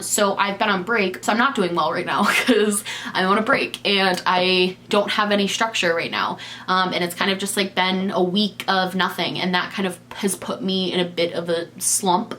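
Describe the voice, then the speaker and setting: A young woman chats candidly into her camera, knitting as she talks. Her voice sits at a middle pitch, and she keeps breaking off and restarting her sentences in a loose, unscripted way. A faint hum runs underneath. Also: normal speed, pushed and bright. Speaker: vlogger. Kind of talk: casual confessional chat.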